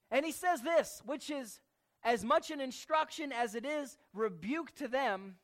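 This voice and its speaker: A preacher teaches a sermon from scripture, speaking slowly and deliberately in a voice that sits high with lively intonation. He repeats key words and puts questions to his listeners.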